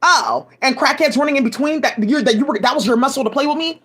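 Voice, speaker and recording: A woman's voice: sits high, fast talker, a bit bright. A woman giving rambling, profane commentary full of restarts, agitated asides and fillers, speaking into a home mic. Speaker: commentary vlogger.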